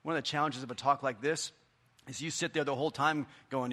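A middle-aged man preaching a sermon, earnest and conversational, dropping into quiet asides. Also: mid-range voice, a little fast. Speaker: pastor.

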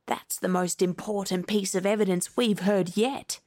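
A woman's voice: mid-range voice, fairly even intonation, moderate pace, a little mellow, no room sound, studio quality, natural voice. A woman reading a storybook aloud, voicing a fussy, pompous king of cards who mutters over the evidence and sounds pleased with himself.

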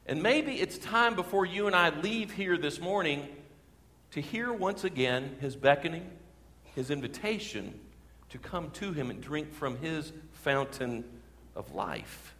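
This sermon comes from a male pastor whose voice runs a bit higher than typical for a man, speaking expressively at a measured pace. Long reverb rings through the church sanctuary as he builds forceful emphasis on the phrases he wants to land.

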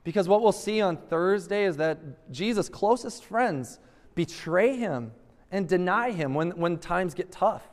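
Male pastor, high voice, emphatic sermon delivery, long hall reverb. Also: lively intonation, a little slow. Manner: emphatic, repeats rhetorical questions.

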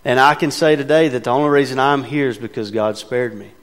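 A man's voice: mid-range voice, steady tone, a little fast. A man preaching a sermon from the pulpit, talking conversationally and with emphasis, asking his congregation rhetorical questions. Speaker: pastor. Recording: long reverb of a large hall.

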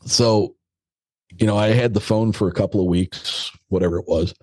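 A man's voice: fairly low pitch, fairly even intonation, moderate pace, a little mellow, dry recording. A middle-aged American man, a podcast guest, telling a story in a casual, blunt and joking way, with some mild swearing.

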